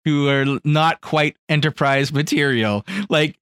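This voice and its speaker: A man co-hosting a podcast in casual chat, animated, chuckling and acting out quotes. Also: a little high, a little slow, smooth, no room sound, studio quality. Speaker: podcast co-host.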